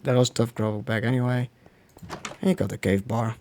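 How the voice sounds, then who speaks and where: A man's voice: mid-range voice, steady tone, fairly quick, dark tone, slight background noise. Man rambling through live gameplay commentary. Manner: rambling, restarts often, mutters to himself. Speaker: streamer.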